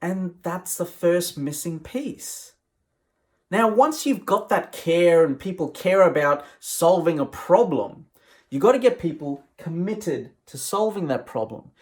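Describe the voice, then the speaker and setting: A man's voice: high voice, lively intonation, unhurried. A man, a professional speaker, giving an emphatic, conversational motivational talk.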